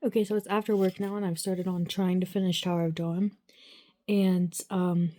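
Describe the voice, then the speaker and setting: Young woman book vlogger, lowish mellow voice, says like a lot, keeps going oh my goodness. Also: flat delivery, normal speed. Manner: chatty, fills speech with "like"; gushing exclamations. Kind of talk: casual reading-reaction vlog.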